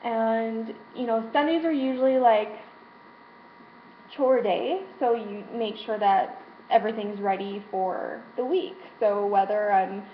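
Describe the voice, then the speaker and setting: A woman's voice: fairly high pitch, fairly even intonation, measured pace. A young adult woman speaking frankly about her frustrations in a personal vlog, emotional and swearing freely. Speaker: vlogger. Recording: roomy, dull lo-fi sound with faint hiss.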